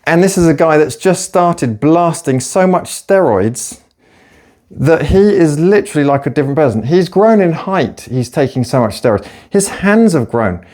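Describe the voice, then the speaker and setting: A man's voice: fairly high pitch, lively intonation, normal speed, darkish tone. A man, a personal trainer, ranting casually and profanely while working out at the gym. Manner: profane, rambling, sarcastic. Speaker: personal trainer and fat-loss vlogger. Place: gym during a workout.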